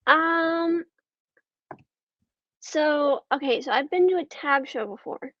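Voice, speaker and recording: A woman with a high voice talks casually as a podcast guest, pausing often with ums and letting her thoughts trail off. The sound is dry and a little dull and lo-fi. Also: a bit bright, dry recording. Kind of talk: casual conversation.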